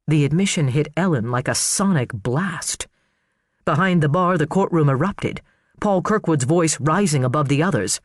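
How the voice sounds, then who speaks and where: A man narrating an audiobook thriller in an expressive, dramatic storytelling manner. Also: on the high side, normal speed, dry recording, clean studio sound. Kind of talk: scripted narration.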